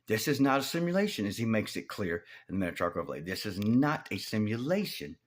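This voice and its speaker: Husky-voiced man ranting in a vlog. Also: on the low side, sing-song. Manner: rambling, halting, with many restarts and profanity; grows loud and heated. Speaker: video host. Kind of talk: rambling monologue vlog.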